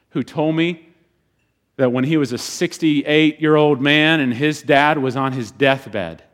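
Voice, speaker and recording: A man delivers a sermon from the pulpit in a mid-pitched voice. He moves between raised, punchy passages and soft, hushed stretches, talking straight to the fathers in the room. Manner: animated preaching, swinging between loud bursts and quiet, hushed passages. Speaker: pastor.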